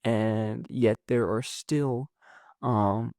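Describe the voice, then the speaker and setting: A man in a middle pitch talks through a comic book story in an excitable, rambling way, quoting the characters as he goes. The sound is close and dry, with almost no room behind it. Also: extremely slow, dry recording. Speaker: comics recap channel host. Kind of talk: casual comic book recap.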